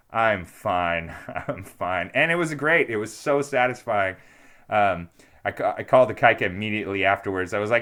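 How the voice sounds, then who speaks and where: A man's voice: fairly low pitch, moderate pace, a bit bright. A young man co-hosting a podcast, telling a story in a rambling casual way, full of fillers and restarts, raising his voice to act out quotes. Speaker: podcast co-host.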